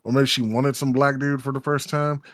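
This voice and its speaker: A man's voice: mid-range voice, level tone, normal speed, no room sound. A man with a Texas accent co-hosting a podcast, rambling in casual chat with lots of swearing and restarts. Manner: rambling, profane, many restarts. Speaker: podcast co-host.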